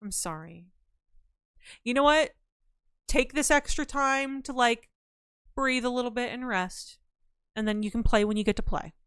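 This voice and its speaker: A woman's voice: a little high, a little slow, pauses often, clean tone, dry recording, clean studio sound. A young woman streamer chatting casually with her chat, telling stories and laughing, with a slightly scratchy throat. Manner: chatty, laughing, reads chat aloud, animated storytelling.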